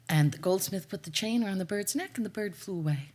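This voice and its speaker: A woman's voice: medium pitch, animated, fast talker, hardly any pauses, darkish tone. A woman storyteller telling a folk tale live, dramatic, with playful asides to the audience.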